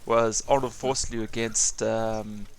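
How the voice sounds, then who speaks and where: A man's voice: on the low side, flat delivery, slow pace, noisy background. A man with a South African accent chatting casually with friends while he streams an online game, rambling and restarting his sentences. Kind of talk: casual chat while gaming.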